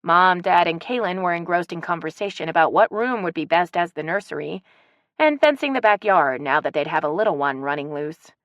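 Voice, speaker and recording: A woman narrating a romance audiobook in an even, storytelling manner on a close studio mic. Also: on the low side, fairly quick, dry recording, dull audio. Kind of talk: scripted narration.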